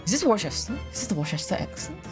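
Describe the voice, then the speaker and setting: A woman streamer chatting casually and excitably during a game stream. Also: medium pitch, rapid-fire, over music.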